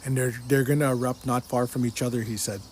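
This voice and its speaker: Talking fast in a steady, slightly mellow, medium-pitched voice, a man earnestly retells a dream as his personal religious testimony. He repeats what the speaker in the dream told him again and again, and there's a little hiss or hum.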